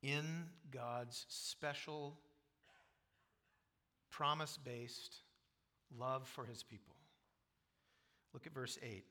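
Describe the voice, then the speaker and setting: A man preaching a sermon as pastor, reading scripture and building to loud, emphatic passages. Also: medium pitch, extremely slow, long pauses. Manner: quotes scripture aloud.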